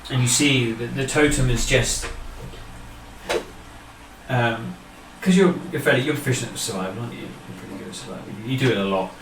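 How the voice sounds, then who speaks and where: A man narrating a tabletop game as game master, relaxed and halting, with many fillers. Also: mid-range voice. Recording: echoey room, distant mic, background noise.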